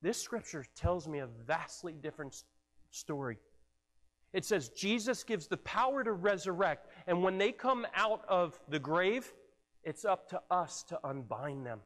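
A man's voice: high voice, lively intonation, a little slow, fairly bright tone. A man preaching a sermon as pastor, earnest and stumbling over repeated words as he presses his point. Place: church sanctuary. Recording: long hall reverb.

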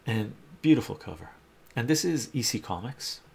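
A man's voice: medium pitch, expressive, normal speed, vocal fry, darkish tone, a little hiss or hum. A man hosting a live stream, chatting casually and enthusiastically about comic books and reading out chat messages.

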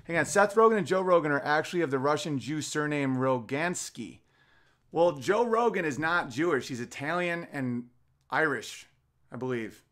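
A man in his thirties hosting a podcast, ranting profanely and reading out viewer comments, swinging between loud outbursts and muttered asides. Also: on the high side, expressive, normal speed. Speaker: podcast host. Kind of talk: casual podcast rant, reading chat comments.

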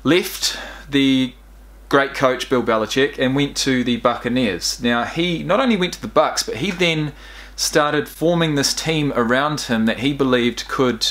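A man's voice: mid-range voice, measured pace, a bit bright. A young man hosting a reaction video, talking straight to his viewers in a rambling, emotional way. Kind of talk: casual reaction commentary.

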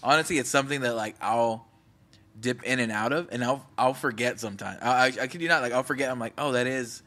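A man's voice: medium pitch, quick pace, pushed and bright. A young man hosting a casual podcast, talking earnestly and rambling, laughing easily. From Mexican-American. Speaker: podcast host. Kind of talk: casual chat.

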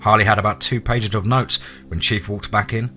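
Man, storyteller, horror story reading, steady delivery, bright tone. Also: on the low side, normal speed. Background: faint music.

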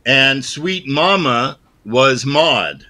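A man in his sixties, a guest on a podcast, reminiscing in a relaxed way and trailing off softly. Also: mid-range voice, extremely slow. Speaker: guest, former child actor. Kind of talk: casual interview chat.

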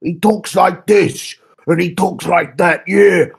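A man doing an impression of a loud, rough-talking middle-aged male comedian, with a brash, shouting storytelling manner. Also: sits high, fairly even intonation, slow, pitched above the performer's own voice, exaggerated voice. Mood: boisterous.

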